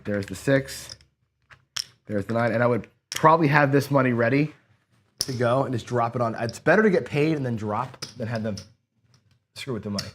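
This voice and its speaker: In a medium-pitched voice over a little hiss or hum, a man hosts a craps strategy session for viewers. He rolls dice to camera, counting each payout aloud in relaxed running commentary, with excited bursts when luck goes his way.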